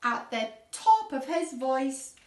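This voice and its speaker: A woman reads a picture book aloud to little children, her high voice swooping up and down in sing-song storytelling. She takes her time with the words. The sound is echoey, and she is a little way off from the mic. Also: takes it slowly, slight background noise. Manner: animated, sing-song storytelling with gasps and questions. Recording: echoey room, voice from a distance.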